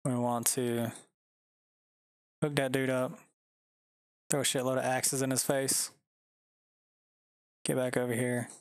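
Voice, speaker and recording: A man's voice: mid-range voice, level tone, slow pace, long pauses, clean tone, dry recording, studio quality. A man chatting casually while streaming a game from home, rambling and laid-back, swearing often.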